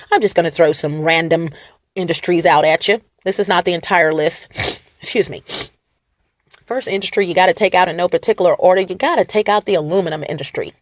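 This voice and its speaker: A woman vlogger rambling to her viewers, animated and defiant, laughing and swinging between loud and soft. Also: fairly low pitch, no room sound, clean studio sound. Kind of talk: rambling talk to camera.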